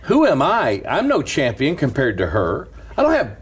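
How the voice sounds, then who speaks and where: A man who is a pastor, telling stories in an animated casual chat and laughing through them. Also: medium pitch, moderate pace, crowd noise.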